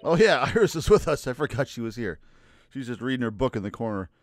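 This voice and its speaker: A man's voice: mid-range voice, big pitch swings, fast. A man streaming a video game, joking and chatting casually as he plays. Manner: joking, chatty, laughs often. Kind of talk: casual let's-play commentary. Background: faint game music.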